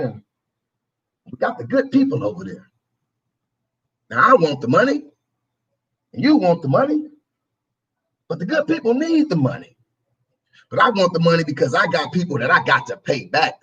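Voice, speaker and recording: A man's voice: fairly high pitch, big pitch swings, normal speed, pauses often, fairly bright tone, husky, highs cut off. A male talk show host delivering a preachy political commentary monologue, repeating his phrases and acting out both sides of an argument.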